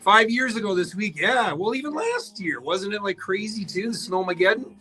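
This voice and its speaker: A man's voice: high voice, animated, normal speed, music in the background. A man hosting a live behind-the-scenes radio stream, chatting and joking with viewers as he reads their comments. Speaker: radio host reading viewer comments on a livestream.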